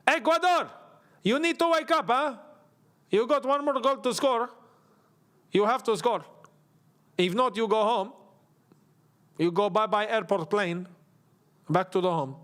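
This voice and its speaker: A man's voice: sits high, a little slow, pauses often, a bit bright, pitched above the performer's own voice. A man putting on a South American Spanish accent to playfully urge a football team to score. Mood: teasing urging. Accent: put-on South American Spanish accent. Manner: urgent, pleading, teasing. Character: adult man mock-scolding a football team.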